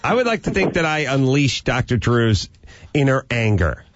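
Animated ranting male podcast host. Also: medium pitch, moderate pace, no echo, highs cut off. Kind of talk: casual comedic rant.

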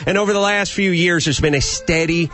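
A man's voice: high voice, a little fast, a bit bright, faint music behind. A man hosting a talk radio show from a studio, ranting emphatically with sarcastic rhetorical questions. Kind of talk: talk radio banter and rant.

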